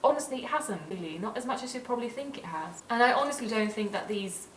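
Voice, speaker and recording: A woman's voice: fairly high pitch, expressive, fast talker, roomy sound, distant mic, a little hiss or hum, rough recording. A young woman from Sweden vlogging in a casual, gushing and earnest way. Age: young adult. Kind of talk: casual vlog talk.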